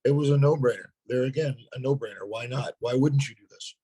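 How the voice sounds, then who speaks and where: A hoarse man, a sales partner, talking earnestly in a webinar interview and often repeating words as he starts a thought. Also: medium pitch, fairly quick, mellow, rough recording. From North Dakota.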